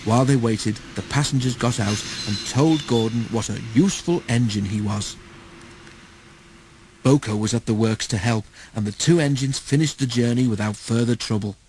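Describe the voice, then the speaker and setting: A man narrating a children's storybook in a steady, measured way. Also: medium pitch, slight background noise, rough recording. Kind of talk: storybook read-aloud.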